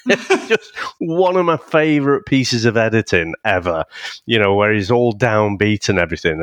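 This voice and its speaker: A man co-hosting a casual film podcast, retelling scenes in a relaxed, chuckling way. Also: lowish voice, dry recording. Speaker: podcast co-host.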